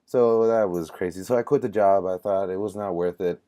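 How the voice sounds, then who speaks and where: A man's voice: low voice, fairly quick, dark tone. A young man telling a rambling, casual story to camera, full of fillers and self-corrections. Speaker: vlogger.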